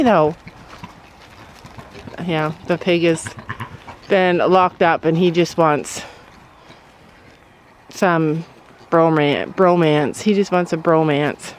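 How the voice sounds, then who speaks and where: A woman's voice: steady tone, slow pace, pauses often, slight background noise. A middle-aged woman chatting casually on her farm, talking to her goats while filming. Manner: chatty, voices her goats in squeaky high tones. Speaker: vlogger. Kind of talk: casual farm vlog chat.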